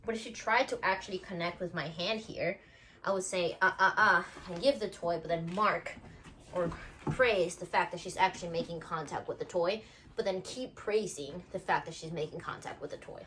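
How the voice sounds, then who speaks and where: A woman's voice: lowish voice, normal speed, a little hiss or hum. Woman dog trainer teaching casually. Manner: explains to viewers while praising her puppy in between. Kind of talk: casual instructional video. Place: at home with her puppy.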